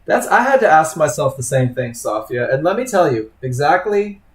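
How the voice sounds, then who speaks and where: Male webinar instructor, slightly high voice, conversational teaching, echoey room sound. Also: big pitch swings, normal speed. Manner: conversational, addresses students by name, acts out trader thoughts. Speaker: trading instructor.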